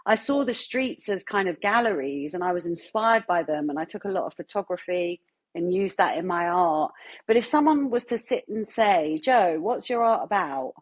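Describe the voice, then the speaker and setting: A woman, telling her own story as an interview guest in an earnest, animated way. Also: mid-range voice, husky. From London, England. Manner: earnest, animated storytelling with quoted self-talk. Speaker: guest artist. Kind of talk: candid interview chat.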